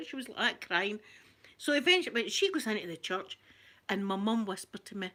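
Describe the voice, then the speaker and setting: A Scottish woman hosting her channel, telling a story in an animated, chatty way that keeps breaking into laughter. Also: medium pitch, normal speed. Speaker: ASMR channel host. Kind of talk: casual storytelling.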